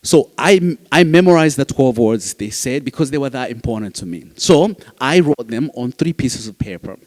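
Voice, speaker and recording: A man's voice: medium pitch, animated, moderate pace, darkish tone. A man, a foster dad giving a heartfelt speech to an audience, earnest, repeating phrases and restarting sentences. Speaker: foster parent speaking at a summit.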